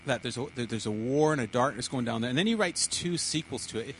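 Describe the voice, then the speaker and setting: A man's voice: mid-range voice, expressive, fast, a little hiss or hum, rough recording. A man preaching a sermon to a congregation, often stumbling, repeating words and restarting sentences.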